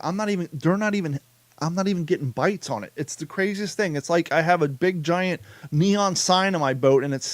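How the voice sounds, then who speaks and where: Animated American podcast host, slightly high. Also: male voice, no echo. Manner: animated, swearing, laughs while telling stories. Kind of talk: casual podcast chat.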